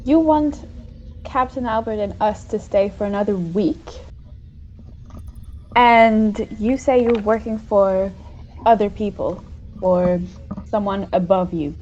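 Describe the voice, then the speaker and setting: A woman's voice: mid-range voice, takes it slowly, pauses often, darkish tone, slight background noise. A woman player speaking in character, asking probing, skeptical questions. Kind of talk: in-character tabletop dialogue. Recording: dull lo-fi audio.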